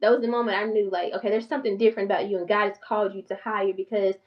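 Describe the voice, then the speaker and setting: A woman in her forties with a country North Carolina accent, talking fast and passionately to her viewers in a casual vlog. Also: medium pitch, flat delivery, distant mic, highs cut off. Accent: Southern US, North Carolina country. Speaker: channel host and therapist.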